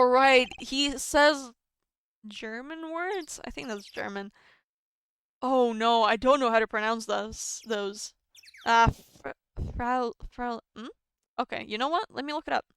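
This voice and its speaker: A woman's voice: a little high, fairly bright tone, clean tone. A woman whose first language is Estonian or Russian, streaming a visual novel, reading dialogue aloud and stumbling, self-deprecating, over words.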